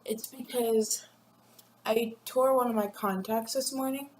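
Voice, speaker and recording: A woman's voice: fairly high pitch, fairly even intonation, a little mellow, a little hiss or hum. Giggly teen girl vlogger, echoey room. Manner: rambling, giggly, acts out classmates in quick voices. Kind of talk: casual chat to camera. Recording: echoey room with faint ambience.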